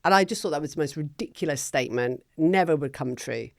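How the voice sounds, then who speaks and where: A middle-aged woman, telling her story as a guest in a casual interview in an animated, chatty way. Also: deep voice, quick pace, creaky, no room sound, studio quality. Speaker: guest, business founder.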